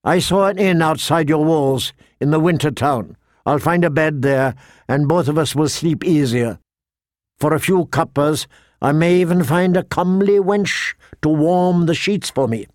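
A man's voice: a little high, measured pace, darkish tone, no echo, pitched above the performer's own voice, natural voice. A man voicing a sardonic dwarf nobleman with dry, mocking wit in an audiobook reading. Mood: scornful. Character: wry sardonic dwarf nobleman, male adult. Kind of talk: audiobook character voice.

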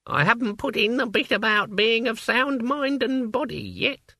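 A man reads the part of a frail old witch for an audiobook, making her brisk and fussy in a matter-of-fact way. It's a full character voice that rides high and is very animated, with wide swings and a bright, sharp edge, recorded dry and close with no echo.

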